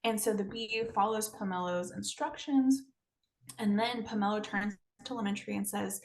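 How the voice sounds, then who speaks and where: A woman hosting a podcast, telling a folktale in a relaxed, casual way with frequent hesitations. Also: mid-range voice, normal speed, creaky. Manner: relaxed, hesitant, with many ums. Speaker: podcast host. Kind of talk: storytelling in casual chat.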